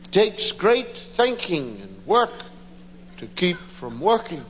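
A man's voice: high voice, wildly swooping pitch, slow, fairly bright tone. A man doing stand-up, telling family stories and acting out the voices of his wife and children, recorded live in a hall. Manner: acts out family voices, squealing child impressions. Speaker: stand-up comedian. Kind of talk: stand-up storytelling. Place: stage before a laughing audience. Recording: dull live recording in a hall with ambient noise.

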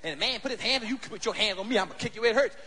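A man doing a stand-up comedy routine on stage before a live audience, brash, profane and animated. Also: sits high, rapid-fire, slightly rough, long reverb tail.

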